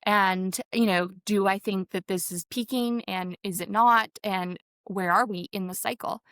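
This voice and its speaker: A woman talking as an interview guest, mid-pitched and close to a dry mic. She rambles and circles back with lots of fillers. She often slips into quoting herself and others. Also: steady tone, a little slow, fairly bright tone, dry recording. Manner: rambling, many fillers, acts out quotes. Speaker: podcast guest. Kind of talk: conversational interview.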